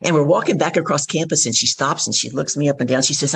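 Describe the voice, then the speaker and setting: A middle-aged woman, a guest on an interview show, telling a story in a gravelly, husky voice and acting out the dialogue. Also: low voice, fast talker, a little hiss or hum. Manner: vivid storyteller who acts out dialogue. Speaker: guest, professional speaker.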